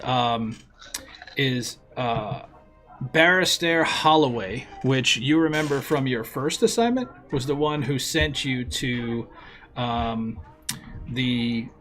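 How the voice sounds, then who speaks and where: A man narrating a sci-fi tabletop role-playing game as game master, with a halting delivery. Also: mid-range voice, a bit bright. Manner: halting, many fillers and restarts.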